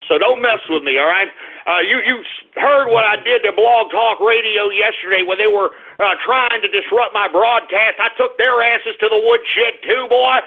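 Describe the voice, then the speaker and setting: A man hosting a call-in radio show, blustering, shouting and taunting his callers. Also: sits high, moderate pace. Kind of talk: ranting call-in radio talk. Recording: phone-quality lo-fi broadcast audio.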